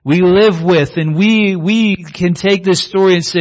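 A man's voice: sits high, unhurried, few pauses, dull audio. A man preaching a sermon in a conversational way, often asking his listeners "right?".

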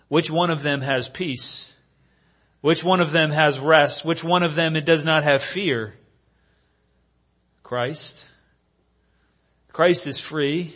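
A male preacher with a fairly high voice delivers an earnest sermon and tells stories along the way. He keeps asking his listeners rhetorical questions. The sound is dull and lo-fi. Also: a bit bright. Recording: dull lo-fi recording.

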